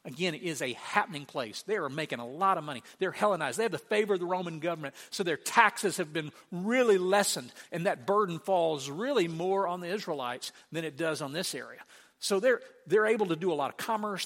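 A man preaching a sermon in an animated way, acting out quotes and asking the congregation questions. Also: on the high side, fairly quick. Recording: long hall reverb.

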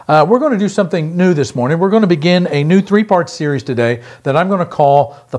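Earnest pastor man with a higher voice. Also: animated, a little mellow. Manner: earnest, emphatic, repeats key phrases slowly. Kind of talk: pre-recorded sermon.

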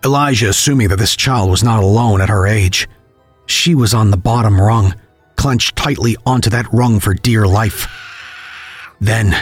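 Husky-voiced man narrating grim horror. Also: on the low side, no echo, soft background music. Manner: measured, grim storytelling. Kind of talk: scripted horror audio drama narration.

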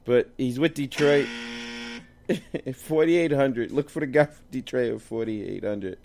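A man's voice: mid-range voice, a little slow, vocal fry, a little mellow, a little hiss or hum. Laid-back guy, mid voice, rambling thru his hockey picks and laughing at himself. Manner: loose, jokey, stumbles over names. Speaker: co-host picking fantasy lineups. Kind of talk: casual podcast chat.

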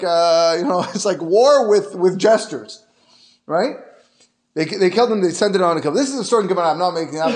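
A man with a notably high voice for a man teaches a Torah lesson as a story. He talks in a lively, informal way, drops Hebrew terms into plain speech and often restarts his phrases.

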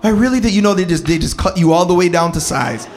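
A man in his thirties co-hosting a casual chat about parenting and relationships, animated and slangy with preacher-like exclamations. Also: a little high, fast. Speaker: podcast co-host.

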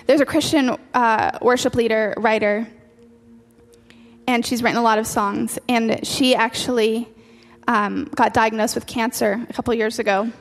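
A woman's voice: on the high side, fairly even intonation, measured pace. A woman preacher delivering an earnest sermon, repeating key phrases for emphasis. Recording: long hall reverb with faint music.

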